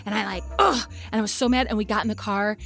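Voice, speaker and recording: A woman's voice: medium pitch, steady tone, fast, vocal fry, fairly bright tone, soft background music. A woman co-hosting a podcast, telling a personal story in casual chat and acting out her parents' lines. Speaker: podcast co-host.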